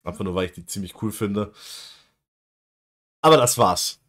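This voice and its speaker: A man, a let's player, giving a casual video outro in a relaxed way, thanking his viewers. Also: on the low side, normal speed.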